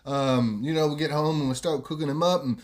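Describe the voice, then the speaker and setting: A man's voice: a little high, fairly quick. A man hosting a podcast, telling a story casually and rambling with lots of fillers. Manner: rambling, many fillers and "you know". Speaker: podcast host.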